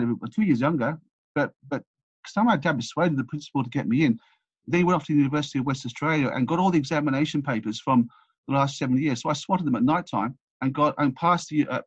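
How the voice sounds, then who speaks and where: Fast-talking husky older Englishman. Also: fairly high pitch, no echo. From England. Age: 60s. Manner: rambling, anecdotal, many restarts. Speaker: guest. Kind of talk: casual storytelling interview. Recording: dull, dry lo-fi recording.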